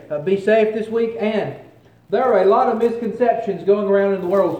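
A man preaching a sermon to his congregation, earnest and emphatic, with dramatic pauses. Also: a little high, warm tone, slight background noise. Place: church sanctuary. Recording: roomy church with faint ambience.

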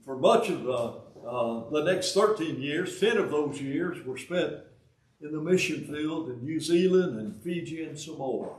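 An elderly Southern US man in his eighties preaches a sermon in a folksy manner, with joking asides and halting restarts. His voice sits slightly high for a man. The recording picks him up from a distance in a roomy, echoing hall. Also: animated, a little mellow. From Alabama, US. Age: 80s.

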